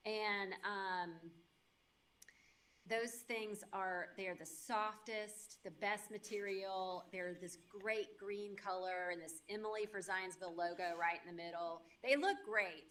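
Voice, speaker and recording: Relaxed woman guest, casual talk. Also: mid-range voice, slow. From Indiana. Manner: relaxed, with fillers. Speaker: mayor candidate, guest. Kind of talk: casual interview.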